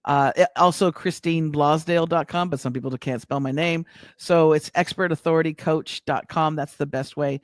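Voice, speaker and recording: A middle-aged American woman chatting as a guest business coach, warm and halting, with many restarts. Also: sits low, steady tone, no room sound. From United States. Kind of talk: casual interview chat.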